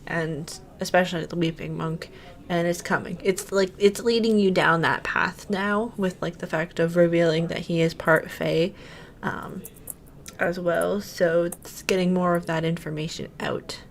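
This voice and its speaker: A woman's voice: on the low side, steady tone, unhurried, creaky, a little hiss or hum. A woman hosting a casual TV review chat, talking through the show in a conversational way with lots of affirming murmurs. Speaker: podcast host.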